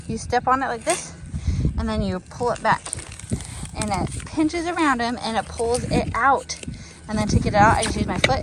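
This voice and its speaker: A bubbly, chatty woman, talking her way through a backyard gardening job for her vlog. Her voice sits a little high, and the clear outdoor noise of the open yard runs behind her. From Texas. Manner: chatty, bubbly, excitable, lots of ums. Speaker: gardening vlogger. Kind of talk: casual outdoor how-to vlog.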